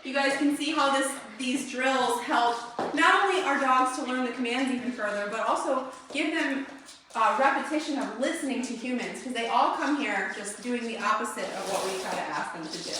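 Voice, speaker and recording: A woman's voice: a little high, moderate pace, background noise. A woman dog trainer explaining drills and giving short commands to a dog during an indoor training demo. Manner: explains calmly, then gives short crisp commands to a dog. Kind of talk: instructional demonstration. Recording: very echoey room, voice far from mic.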